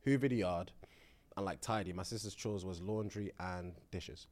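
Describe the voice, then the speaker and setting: A young man with a deep voice and a moderate pace co-hosts a podcast, reading listener submissions aloud amid playful banter. He reads each line and then laughs, staying lively and playful.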